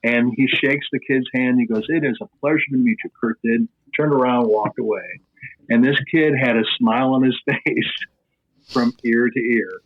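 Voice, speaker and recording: A middle-aged man with a Midwestern American accent, a sports broadcaster telling an animated anecdote on a podcast, tossing in fillers as he goes. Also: mid-range voice, a little slow. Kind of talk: podcast storytelling. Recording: tinny phone-like line.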